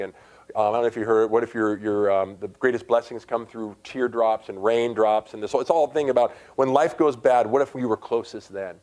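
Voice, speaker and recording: A middle-aged male pastor preaches in a relaxed, conversational way, telling stories and then pushing his voice up loud to make a point. His voice sits at an ordinary male pitch and swings between quiet asides and strong bursts. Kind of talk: sermon.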